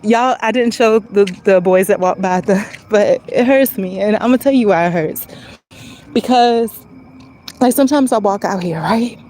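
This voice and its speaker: A woman's voice: mid-range voice, normal speed, darkish tone, slight background noise, low-quality recording. Earnest woman vlogging outdoors. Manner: earnest, emotional, meandering. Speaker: vlogger speaking to viewers. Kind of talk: casual rambling vlog talk. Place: outdoors on a street, walking.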